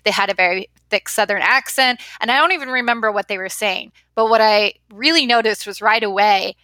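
Woman interviewer, lively and chatty; high, bright voice, dry close sound. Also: brisk, no room sound. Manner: animated, chatty, laughs easily. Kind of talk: casual interview conversation.

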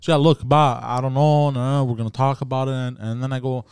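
A man hosting a casual podcast, an animated storyteller who says "bro" constantly and swears freely. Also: medium pitch, fairly quick, smooth, dry recording, clean studio sound. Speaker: podcast host.

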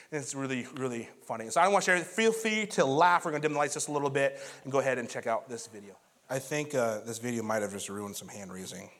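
A man's voice: medium pitch, fairly bright tone. A man preaching a sermon as pastor, earnest and building to fervent emphasis.

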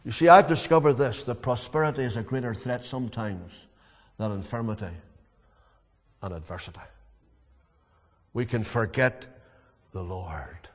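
Solemn preacher in a large echoing hall. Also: male voice, mid-range voice, moderate pace, pauses often. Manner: solemn, with falling phrase endings. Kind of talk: sermon. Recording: long echo in a large hall.

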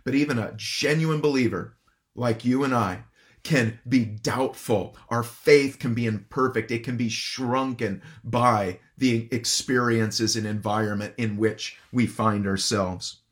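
A man's voice: medium pitch, measured pace, a bit bright. A man preaching an expository sermon, earnest and emphatic, asking his listeners questions. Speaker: pastor.

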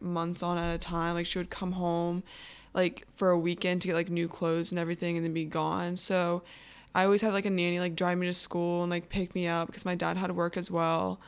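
A teenage girl telling her own personal story in a halting way, full of fillers. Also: fairly low pitch, clean tone. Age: teens. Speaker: anonymous guest.

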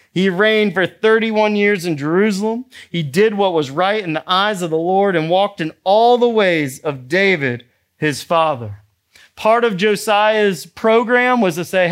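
A male pastor preaching a sermon, animated and emphatic, acting out the people in his story. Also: high-pitched. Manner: animated, acts out characters, rising to emphatic exhortation.

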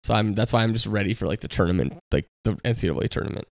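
A man's voice: fairly low pitch, animated, rapid-fire, vocal fry, a little mellow, dry recording, clean studio sound. A man in his thirties co-hosting a podcast, rambling in casual sports chat and saying "like" a lot. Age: 30s. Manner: rambling, heavy use of "like". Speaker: podcast co-host.

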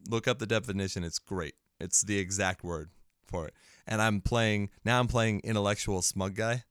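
A man's voice: fairly low pitch, fairly even intonation, moderate pace, fairly bright tone, smooth, no room sound, studio quality. A man co-hosting a casual movie podcast, sarcastic and playfully smug, swearing freely. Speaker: podcast co-host.

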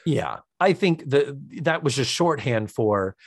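A man's voice: mid-range voice, animated, takes it slowly, dry recording, studio quality. A man from Puerto Rico co-hosting a podcast, recapping a sitcom episode in casual chat, acting out the characters' lines with lots of laughter and swearing. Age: young adult. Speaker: podcast co-host.

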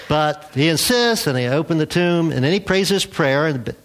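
A man preaching a sermon as a pastor, in a relaxed, conversational way. He acts out the quotes he tells and chuckles now and then. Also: a little high, a little slow.

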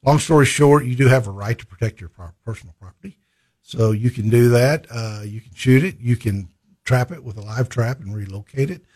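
Man, conservation guest, halting folksy delivery, mid-pitched. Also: a little mellow, breathy edge. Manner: halting, with many uh fillers and restarts. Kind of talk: conversational interview storytelling.

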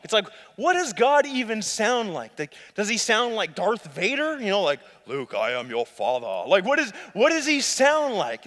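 A man's voice: high voice, fairly bright tone. A young man preaching a sermon in church, talking conversationally with self-deprecating asides to the congregation. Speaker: pastor. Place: church sanctuary. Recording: long hall reverb.

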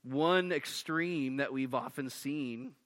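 A man's voice: mid-range voice, takes it slowly, a bit bright. A male pastor preaching a sermon emphatically, often restarting and repeating words as he pushes through a point.

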